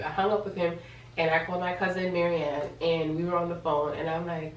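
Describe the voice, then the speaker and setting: A pregnant young woman in a casual vlog, retelling her story in an animated, chatty way with lots of quoted dialogue. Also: lowish voice, a little fast, reverberant, far from the mic, slight background noise, low-quality recording. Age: young adult. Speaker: vlogger.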